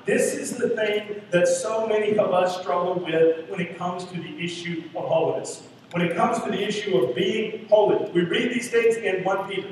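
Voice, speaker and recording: High-voiced preacher in an echoey hall. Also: male voice, normal speed. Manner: earnest, questioning, repeats for emphasis. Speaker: pastor. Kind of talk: sermon. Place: church sanctuary. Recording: echoey hall from far off, faint hiss.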